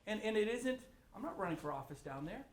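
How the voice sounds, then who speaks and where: A state governor speaking at a forum delivers impassioned, blunt, ranting remarks in a high-pitched male voice. He talks fast and very animatedly in a large room with an audience, where his words ring with echo over a soft ambient hiss.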